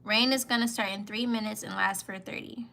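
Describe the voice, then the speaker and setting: A woman's voice: medium pitch, fairly even intonation, fairly quick, creaky, bright, forceful tone. A woman in her twenties chatting casually as a vlogger, playful and slangy, laughing often. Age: 20s. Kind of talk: casual chat reacting to comments.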